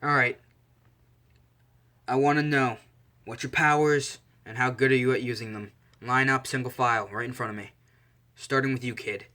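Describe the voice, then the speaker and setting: A man voicing a calm, stern young male assassin who lectures his class bluntly, in a casual fan story. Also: mid-range voice, normal speed, close to an everyday voice. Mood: commanding.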